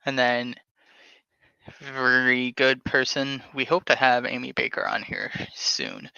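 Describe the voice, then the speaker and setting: A man hosting a podcast, talking casually and haltingly while reading text aloud from his screen. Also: mid-range voice, completely flat delivery, vocal fry, bright, forceful tone, clear, resonant tone, dry recording. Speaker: podcast host. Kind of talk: casual screen-share talk. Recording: dull lo-fi sound.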